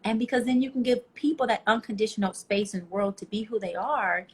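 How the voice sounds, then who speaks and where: Brisk and slightly rough, this medium-pitched female voice belongs to a life coach guest in an interview. She dispenses passionate, preachy motivational advice and tells her stories with animated emotion.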